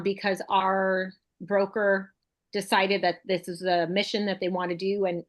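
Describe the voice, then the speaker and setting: A middle-aged woman real estate broker hosting a casual chat, talking in a chatty, enthusiastic way and thinking aloud. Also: mid-range voice. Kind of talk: casual video call chat.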